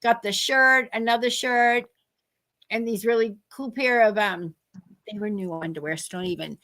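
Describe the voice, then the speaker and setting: A woman co-hosting a casual talk show, telling animated stories and acting out what other people said. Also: a little high, moderate pace. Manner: animated storyteller, acts out other people's lines. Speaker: podcast co-host. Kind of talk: casual chat, storytelling.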